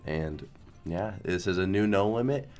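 A man's voice: low-pitched, expressive, unhurried, a little mellow, faint music behind. A young man who is sick and coughing, chatting casually and rambling as he streams a slot game. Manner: rambling, self-deprecating, lots of restarts. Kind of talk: casual gambling stream commentary.

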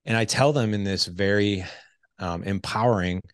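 A man in his forties, a podcast guest telling his story in casual conversation, animated and acting out quoted dialogue. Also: fairly low pitch, moderate pace, smooth, no echo, clean studio sound. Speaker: podcast guest, fatherhood coach.

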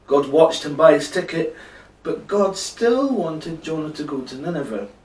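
A man's voice: fairly high pitch, expressive, moderate pace, a little mellow, reverberant, distant mic, low-quality recording. Chatty man telling a bedtime story. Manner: chatty, playful, talks to listener.

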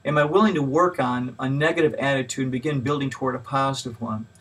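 A man gives a short lecture on Bible study in a plain, patient teaching style, using frequent fillers and stressing key words as he lists each point. His medium-pitched voice is quick, fairly bright and breathy, recorded far from the mic.

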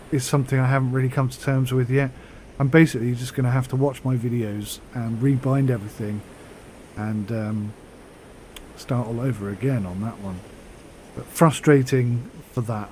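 A man chatting casually on a flight sim vlog, rambling with fillers and pausing through the hiccups. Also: medium pitch, a little mellow, a little hiss or hum, rough recording. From United Kingdom.

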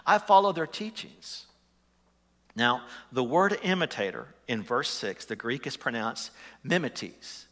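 A man's voice: mid-range voice, bright, forceful tone, big-room sound. A man preaching a sermon as pastor, conversational and putting questions to the congregation. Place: church sanctuary.

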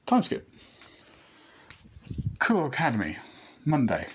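A man with a husky voice reads a fan story aloud in a casual, rambling way. He restarts sentences and adds asides as he goes, at a medium pitch. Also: wildly swooping pitch, takes it slowly.

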